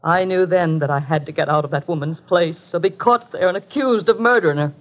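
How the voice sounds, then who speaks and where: An actress voices a tense, desperate middle-aged wife and mother in a 1950s radio play, pleading earnestly, and the broadcast sounds muffled. Her voice is on the low side, fairly quick and close to everyday speech.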